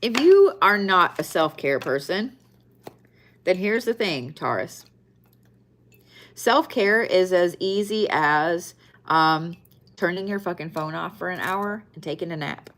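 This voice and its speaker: A woman's voice: fairly low pitch, expressive, takes it slowly, a bit bright. A woman giving a casual weekly zodiac card reading. She is blunt, swears often and repeats phrases for emphasis. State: tired, yawning. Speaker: zodiac and tarot reader.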